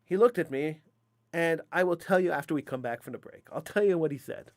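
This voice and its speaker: A middle-aged man hosting a talk radio show, telling a story in an emphatic, animated way with frequent restarts. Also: fairly high pitch, brisk, no echo, studio quality.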